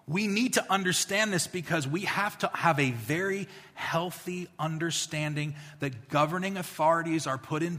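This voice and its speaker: A man preaching a sermon in a church, conversational and then emphatic, slowing down to stress key points. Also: on the high side, bright, forceful tone, long reverb tail. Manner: conversational preaching, builds to emphatic points with slow, drawn-out lines. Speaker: pastor.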